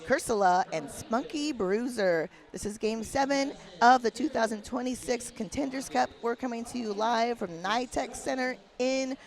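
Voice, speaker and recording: A woman's voice: fairly high pitch, moderate pace, few pauses. Chatty female derby commentator. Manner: chatty, friendly, reads names carefully. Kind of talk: live sports commentary. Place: arena broadcast booth.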